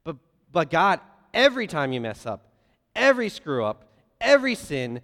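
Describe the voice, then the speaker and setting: A man preaching a sermon, telling lively stories with playful voiced asides. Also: on the high side, normal speed. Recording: long hall reverb.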